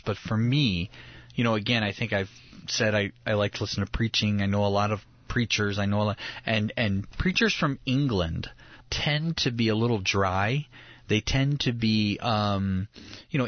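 A man's voice: fairly low pitch, dry recording, dull audio. A man in casual conversation about faith, telling stories in an earnest way, often restarting his sentences. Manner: earnest, animated storytelling with restarts.

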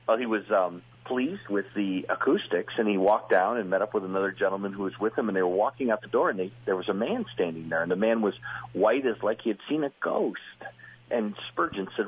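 A husky, fairly low-voiced man spins stories in an easygoing radio chat, jumping into the voices of the people he quotes. The sound is narrow and phone-like, like an old broadcast line. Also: quick pace. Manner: animated storyteller, acts out quotes with laughs. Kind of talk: conversational radio chat, storytelling.

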